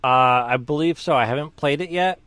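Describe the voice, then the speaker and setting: A man's voice: on the high side, a little fast, a bit bright, dry recording. A man co-hosting a podcast, chatting casually and in an easygoing way about video games. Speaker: podcast co-host. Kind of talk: casual gaming chat.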